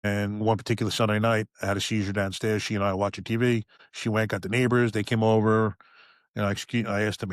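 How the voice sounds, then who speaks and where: Brief: man, 50s, ex-cop guest, candid and profane storytelling, lowish voice, dry close sound. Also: level tone, no echo. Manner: frank and profane, with halting restarts. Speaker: podcast guest, retired police officer.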